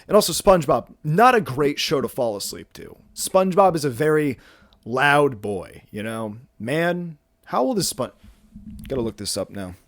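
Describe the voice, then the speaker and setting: At a normal pace, a young man in his twenties talks in an expressive mid-range voice with a fairly bright tone, a little short of breath. It's a loose, rambling vlog from home where he teases himself and keeps restarting, with plenty of fillers. There's no echo.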